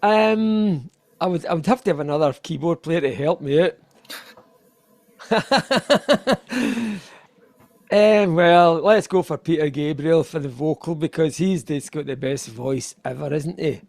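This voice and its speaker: A man's voice: on the high side, slow, vocal fry, pauses often, no echo. An older Scottish man chatting as a guest on a video-call interview, rambling and self-deprecating, laughing often. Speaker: guest musician. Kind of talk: casual interview chat.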